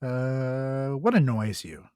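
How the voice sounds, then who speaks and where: A man's voice: medium pitch, takes it slowly, darkish tone, clear, resonant tone, no room sound, clean studio sound. A young man co-hosting a podcast, ranting in casual chat, swearing freely and laughing often. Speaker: podcast co-host.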